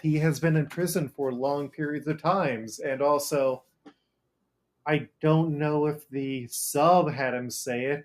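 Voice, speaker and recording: A man hosting a casual podcast chat, steering the segment with dry, jokey asides. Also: on the high side. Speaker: podcast host.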